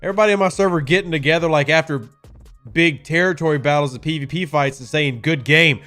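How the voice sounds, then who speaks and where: A man's voice: fairly high pitch, fast talker, pushed and bright, soft background music. A man hosting a casual game live stream, chatting with viewers and answering their questions in a sarcastic, talkative way. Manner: sarcastic, chatty, talks to chat.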